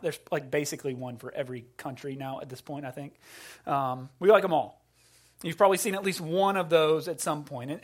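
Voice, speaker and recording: Conversational man preaching a sermon. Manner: conversational and self-deprecating, often restarting words; drops to a low, quiet voice for emphasis. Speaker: pastor.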